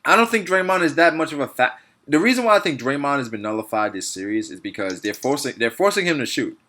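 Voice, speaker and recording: A young man hosts a casual sports talk with friends, his pitch swinging widely as he gets worked up. He laughs often and lets his sentences fade out quietly at the end. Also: animated, fast. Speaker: podcast host.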